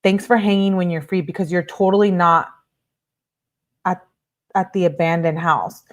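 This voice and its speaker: A woman's voice: on the low side, steady tone, moderate pace. A woman hosting a true-crime commentary, casually reading text messages aloud and adding her own chatty reactions.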